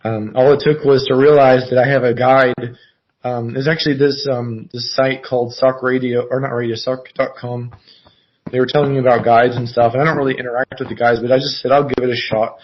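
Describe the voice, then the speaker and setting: Flat-voiced rambling man on a call. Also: mid-range voice. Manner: meandering, halting, many fillers and restarts. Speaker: caller. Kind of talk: rambling casual chat. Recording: muffled lo-fi video call audio.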